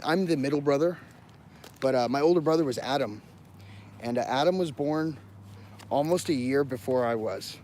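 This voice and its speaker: A man chats casually on a phone livestream, his voice at an ordinary middle pitch. He rambles with lots of "uh"s and keeps apologizing to viewers, and a faint hiss of ambient noise sits under him outdoors. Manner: rambling, many fillers, apologizes to viewers for connection drops.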